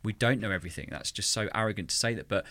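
Rapid-fire and lowish in voice, this man co-hosts a podcast in a casual chat, passionate about music teaching. He's animated, scatting and vocally copying drum rhythms, and there's no room sound on the recording.

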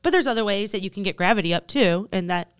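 A woman's voice: medium pitch, expressive, quick pace, smooth, dry recording, studio quality. A woman co-hosting a casual podcast, chatty and self-deprecating, who stops to explain terms. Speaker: podcast co-host.

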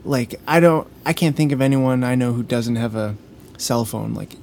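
A young woman co-hosts a casual podcast, chiming in often with agreeing remarks. Her voice sits very low for a woman. Faint background noise runs underneath. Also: moderate pace, a little mellow. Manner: agreeable, chimes in with short replies. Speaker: podcast co-host.

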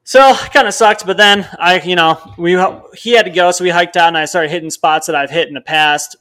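A young man from Wisconsin tells a long hunting story in a loose, rambling way, fairly high-pitched, and acts out bits of dialogue as he goes. He co-hosts a podcast and talks casually. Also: fairly quick, clear, resonant tone. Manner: rambling storyteller, animated, quotes others in dialogue. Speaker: podcast co-host.

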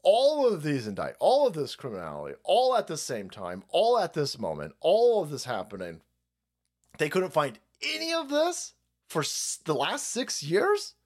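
A man's voice: a little high, huge pitch swings, moderate pace. A man hosting a stream, delivering a heated, profane political rant full of repetition and mocking asides. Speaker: stream host.

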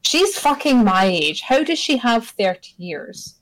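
A woman's voice: a little high, big pitch swings, measured pace, low-quality recording. A woman co-hosting a casual podcast chat, telling a story in an exasperated, sweary way. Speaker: podcast co-host.

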